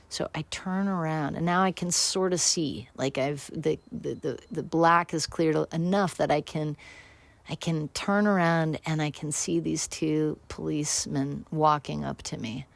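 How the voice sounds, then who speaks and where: A woman's voice: deep voice, steady tone, a little slow, gravelly, no echo. A woman hosting a radio show, telling a personal story in a rambling, candid, self-deprecating way with many restarts.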